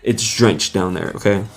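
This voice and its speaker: A man's voice: on the low side, slow. Young man, live stream host, casual chat, laughs often, faint music behind. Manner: greets viewers by name, laughs often, reads comments aloud.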